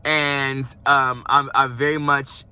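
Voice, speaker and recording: A young man talking casually through a fast-food review from his parked car, rambling and playful. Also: medium pitch, flat delivery, bright, forceful tone, smooth. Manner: chatty, rambling, playful asides. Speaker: vlogger.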